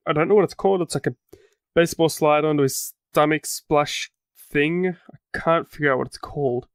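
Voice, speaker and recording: Higher-voiced Australian guy, dry sound. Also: normal speed, clean tone, no room sound. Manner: rambling, corrects himself mid-sentence. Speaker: podcast co-host. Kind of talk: casual wrestling recap chat.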